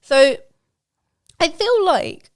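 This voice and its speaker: A woman's voice: very high voice, sing-song, very slow, dry recording, studio quality. A young woman hosting a podcast in casual chat, playful and teasing while steering the talk. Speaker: podcast host.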